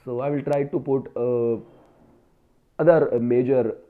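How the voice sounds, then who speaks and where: Indian man, halting talk, tinny phone sound. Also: medium pitch, fairly even intonation. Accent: Indian English. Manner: hesitant, many fillers and restarts. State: has a cold. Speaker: vlogger practicing spoken English. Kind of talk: casual solo talk to camera.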